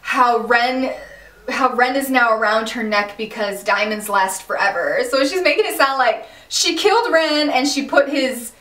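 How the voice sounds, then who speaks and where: A woman casually recapping a TV finale, animated and slangy, exclaiming and laughing as she tells it. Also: fairly high pitch, a little slow, distant mic. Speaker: recap vlogger. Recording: echoey room, a bit off-mic.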